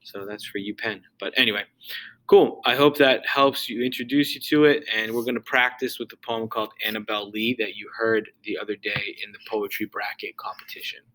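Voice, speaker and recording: A man's voice: lowish voice, steady tone, a little fast, pushed and bright, poor audio. A male teacher giving a loose, casual recorded lesson, full of fillers and restarts.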